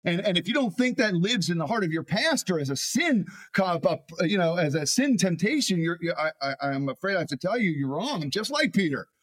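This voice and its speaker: A man, a pastor, preaching a sermon in an animated way, often repeating words as he builds a point. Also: high voice, a little fast, few pauses.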